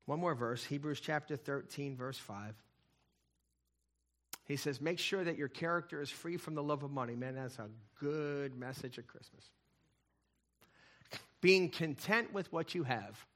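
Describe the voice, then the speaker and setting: A middle-aged man preaching a sermon, telling stories and swinging between loud emphatic lines and hushed, quiet ones. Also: on the high side, a little slow, long pauses. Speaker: pastor.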